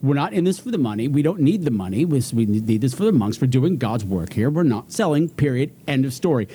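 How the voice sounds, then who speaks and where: A man co-hosting a casual podcast, recapping the plot with jokes. His voice is husky and mellow and moves through a lively range. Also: medium pitch, a little fast. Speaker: podcast co-host. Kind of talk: casual chat.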